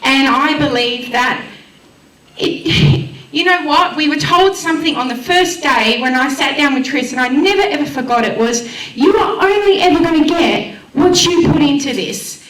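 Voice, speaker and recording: An Australian woman speaking to a community event crowd, heartfelt and enthusiastic as she pitches her volunteer radio station. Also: animated, moderate pace, a bit bright, slight background noise. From Western Australia. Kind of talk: emotional public speech at a launch event. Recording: echoey room, voice far from the mic.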